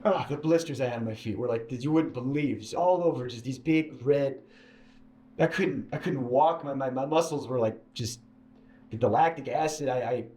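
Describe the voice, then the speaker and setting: A man telling a personal story as an interview guest, full of stammered restarts and sudden jumps into a high, animated voice. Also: normal speed, a little hiss or hum. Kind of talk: casual storytelling. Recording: echoey room with faint ambience.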